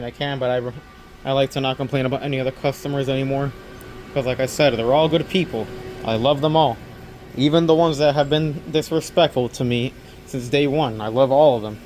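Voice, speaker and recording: A man's voice: medium pitch, noisy background. A young man working an overnight store shift, talking casually to camera in a rambling, earnest way that repeats itself. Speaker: overnight convenience store clerk.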